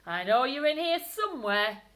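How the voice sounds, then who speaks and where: A woman voicing a grumpy old male gardener in a storybook, gruff and loud. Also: sits high, big pitch swings, normal speed, pitched above the performer's own voice. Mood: angry.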